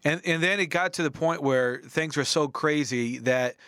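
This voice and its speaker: Male host retelling his guest's story, smooth clear voice, dry close sound. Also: on the high side, normal speed, a bit bright, no echo. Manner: leading questions, recaps the guest's story. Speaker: interview host. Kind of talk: Christian interview.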